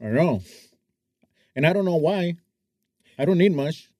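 A man co-hosting a podcast, teasing his partner and chatting in a relaxed way about his daily life. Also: on the high side, a little slow, no room sound, clean studio sound. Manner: teasing, laid-back reactions. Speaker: podcast co-host. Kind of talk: casual chat.

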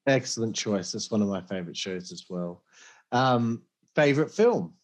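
A man's voice: fairly low pitch, expressive, moderate pace. A man hosting an interview, asking casual questions and answering with short, upbeat remarks. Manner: upbeat, short affirming replies. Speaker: interview host.

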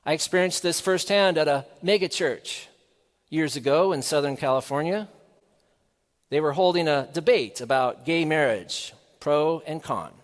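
A man preaching a sermon in a measured, earnest way, asking the listeners rhetorical questions. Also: on the high side, long reverb tail.

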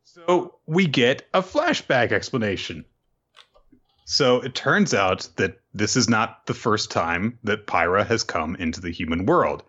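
A male podcast host with a lowish, husky, slightly bright voice casually recaps a comic chapter, animated, loose and profane, with many fillers. He jumps into quick character voices, and the sound is lo-fi.

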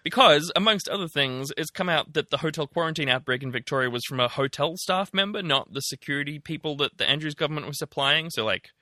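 A man's voice: on the high side, animated, fast, hardly any pauses, sharp tone, no echo, studio quality. A man co-hosting a podcast, talking through the news in a chatty, sarcastic way with many ums. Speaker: podcast co-host. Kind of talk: casual news chat.

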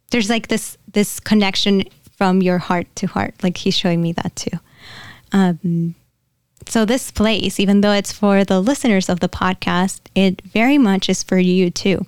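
A woman's voice: mid-range voice, a little mellow, clear, resonant tone, no room sound, studio quality. A woman working as a spiritual medium, talking casually and rambling with many fillers, giggling often. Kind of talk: casual channeling session.

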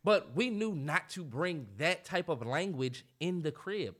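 A man's voice: on the high side, lively intonation, a little slow. A man in his twenties co-hosting a podcast, chatting casually and with lots of profanity, acting out the voices of people he quotes. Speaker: podcast co-host. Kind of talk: casual chat.

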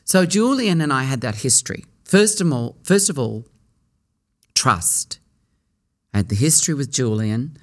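A man's voice: mid-range voice, sing-song. Musing middle-aged male actor. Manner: musing, with restarts and pauses. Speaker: theatre actor. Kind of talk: reflective interview storytelling.

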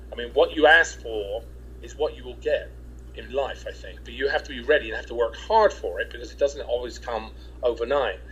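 A man's voice: medium pitch, a bit bright, muffled recording, slight background noise. A man from England, a guest in a casual interview, telling his story in a rambling way with many restarts and quoted dialogue.

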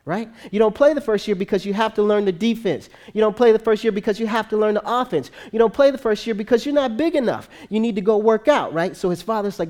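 Speaking loosely and conversationally to his congregation, an animated preacher tells a long story during a sermon, talking fast with few pauses and frequently adding tag questions. His pitch is average, and he often sinks lower and quieter as the story unfolds.

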